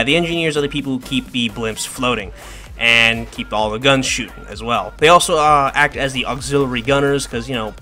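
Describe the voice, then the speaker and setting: A man's voice: medium pitch, pushed and bright. A man casually explaining a video game in a rambling, self-joking tutorial commentary. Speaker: gaming video creator. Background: faint background music.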